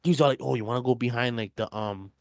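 A man's voice: medium pitch, rapid-fire, dry recording. Young man swearing through a story. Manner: swearing, storytelling, animated quoting. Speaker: podcast co-host. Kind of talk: casual chat.

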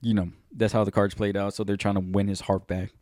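A man's voice: lowish voice, level tone, a little fast, darkish tone, dry recording, studio quality. A man co-hosting a podcast in loose, rambling casual chat, swearing often. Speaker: podcast co-host.

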